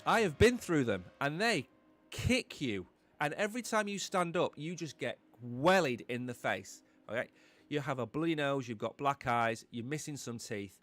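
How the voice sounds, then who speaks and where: A man's voice: mid-range voice, lively intonation, moderate pace, a bit bright, faint music behind. A man hosting a live-stream crypto market show, talking in an emphatic, blunt, opinionated way.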